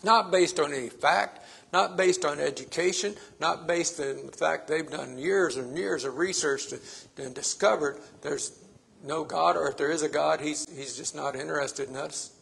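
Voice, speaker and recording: A man's voice: on the high side, moderate pace, gravelly, a bit bright, slightly rough. A man preaching a sermon, stressing his points by repeating phrases.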